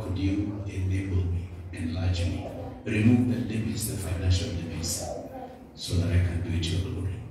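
Kenyan man, low voice, exhorting a congregation, call-and-response, booming church echo, far from the mic, background noise. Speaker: church speaker, not a preacher. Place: church building.

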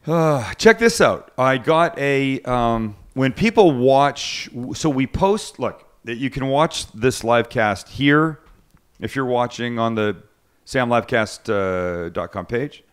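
With a clear, resonant, medium-pitched voice, this man hosts a live cooking podcast, speaking slowly but animatedly. He jokes with his co-hosts casually, rambling and cutting himself off.

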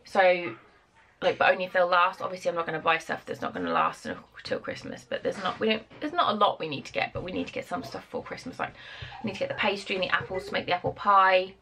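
A woman's voice: on the low side, expressive, pushed and bright, a little hiss or hum. A tired British woman vlogging at home, rambling chattily through her to-do list on a camera mic. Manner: chatty, rambling, quick asides. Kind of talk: casual chat to camera. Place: home, indoors.

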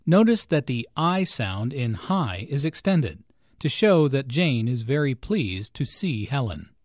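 A man narrating a scripted English lesson, explaining each point slowly and deliberately. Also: mid-range voice, sing-song, dry recording, clean studio sound. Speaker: English teacher.

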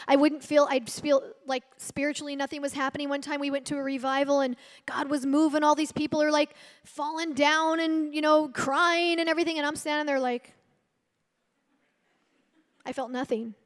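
A woman's voice: high-pitched, steady tone, fairly quick, in a large hall. A woman preaching a sermon, telling a personal story and then rising into a rousing call to the congregation. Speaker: guest preacher.

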